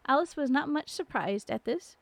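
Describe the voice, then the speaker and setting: A woman reading a storybook aloud on a live stream, unhurried, with small slips and restarts. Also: sits high, expressive, gravelly. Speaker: storybook narrator.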